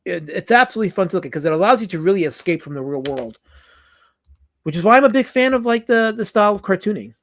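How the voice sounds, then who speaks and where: A middle-aged man talks through a live stream in a loose, chatty way. His voice sits high for a man, and he drifts into wry asides as he answers his chat. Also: animated, quick pace. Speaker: streamer discussing comic art. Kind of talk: casual live-stream commentary.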